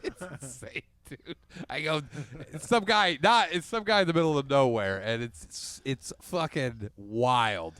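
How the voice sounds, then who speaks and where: A man's voice: medium pitch, measured pace, hardly any pauses, a bit bright, clean tone, dry recording. A man co-hosting a podcast, telling profane stories and laughing through his lines. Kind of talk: casual comedic banter.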